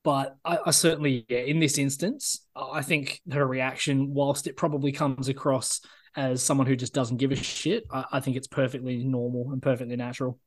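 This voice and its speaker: A man's voice: medium pitch, little pitch movement, normal speed. A man co-hosting a casual sports podcast, blunt and opinionated, often repeating words as he starts. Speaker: podcast co-host.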